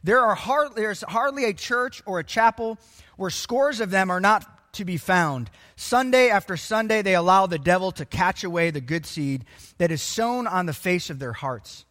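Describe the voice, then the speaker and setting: A man preaching a sermon, emphatic and animated, quoting scripture. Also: sits high, moderate pace, in a large hall. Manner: animated and emphatic, acts out voices of people.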